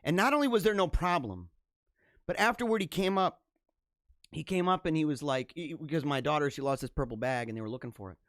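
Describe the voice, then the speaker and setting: A man hosting a live stream, telling a long story off the cuff. His voice sits a little high for a man and sounds close and dry, with no room echo. He rambles and restarts often, then breaks into animated bursts. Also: brisk. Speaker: livestream host. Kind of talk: casual storytelling monologue.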